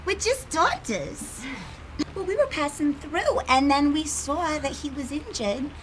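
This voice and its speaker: High-voiced woman player, pleading. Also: lively intonation, moderate pace, noisy background. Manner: pleading, rambling in character. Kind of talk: in-character tabletop play.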